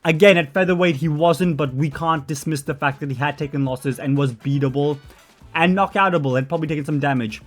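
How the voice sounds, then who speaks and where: A man's voice: fairly high pitch, brisk. A young man giving a blunt, opinionated solo commentary on fighters, with fillers and self-corrections along the way. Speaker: MMA commentary channel host. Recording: faint background music.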